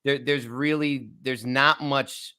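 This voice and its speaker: Bright-voiced man chatting earnestly about wine. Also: medium pitch, fairly even intonation, slow pace, smooth. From United States. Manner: earnest, reflective, laughs easily. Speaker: wine channel host. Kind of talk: casual podcast conversation.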